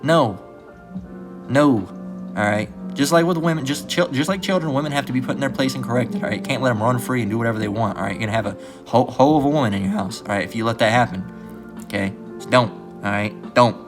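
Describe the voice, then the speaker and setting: A man's voice: medium pitch, quick pace, over music. A man giving a casual religious lesson in a blunt, profane way, often tagging his points with "all right". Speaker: religious teacher.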